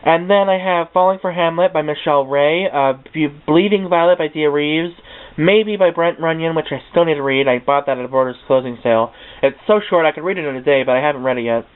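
A young man giving a rambling, excitable, unscripted tour of his bookshelf, often tongue-tied and swearing casually. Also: a little high, fairly quick, clear, resonant tone. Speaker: book vlogger. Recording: tinny, phone-like webcam audio.

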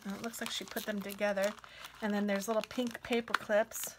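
A woman craft vlogger chatting casually as she unboxes mail, gushing sweetly and sometimes dropping to a soft whisper. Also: mid-range voice, flat delivery, fairly quick, noisy background.

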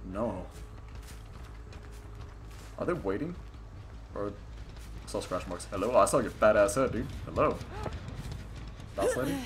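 A young man giving excited, profane live commentary while playing a video game and talking at his opponents. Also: on the low side, a little slow, long pauses, a little hiss or hum. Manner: hyped, profane, talks to opponents on screen. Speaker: gaming streamer. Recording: game music behind the voice.

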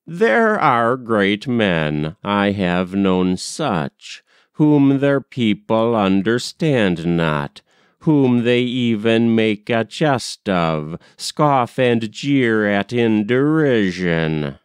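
A man reading the lines of a solemn old male storyteller in a poem, speaking gravely and slowly. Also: on the low side, big pitch swings, no room sound, clean studio sound, exaggerated voice. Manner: grave, slow and measured.

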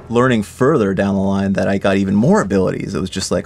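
A man who works as a game developer, casually and excitedly recalling a moment in an interview. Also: sits low, fast talker, vocal fry, hardly any pauses, slight background noise. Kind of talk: interview answer.

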